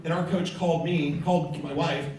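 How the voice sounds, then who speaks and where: Telling stories and acting out their conversations, a middle-aged man from California delivers a motivational speech before an audience in a large hall. His voice is on the high side, steady and a little mellow, at a moderate pace. The echoey recording comes from a distant mic, with a little hiss or hum.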